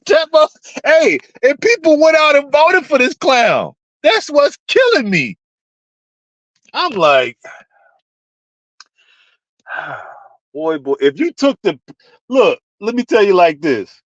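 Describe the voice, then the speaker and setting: A vlogger ranting to viewers in an animated, profane way, laughing often. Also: mid-range voice, takes it slowly, pauses often, dry recording, dull audio.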